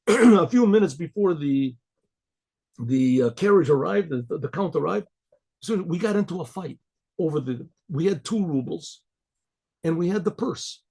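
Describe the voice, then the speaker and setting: Guy putting on pushy young hoodlums, gravelly and husky, kinda high. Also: darkish tone, exaggerated voice. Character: young male street hoodlums, brash and pushy.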